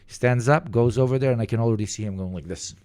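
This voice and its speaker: A man giving casual, profane reaction commentary, telling stories with lots of fillers and animated bursts. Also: medium pitch, fast, clear, resonant tone, dry recording. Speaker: reaction streamer.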